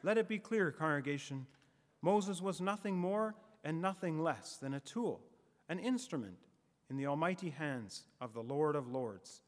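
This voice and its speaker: A man preaching a sermon in a measured, emphatic way, letting his phrases fall away at the ends. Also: on the high side, lively intonation, in a large hall.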